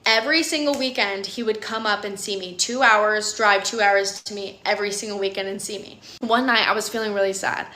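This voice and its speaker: Bright-voiced woman telling a story in an echoey room. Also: medium pitch, fairly quick, few pauses. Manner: earnest, animated, lots of "like" and "literally". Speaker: woman sharing her dating story. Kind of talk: emotional personal storytelling.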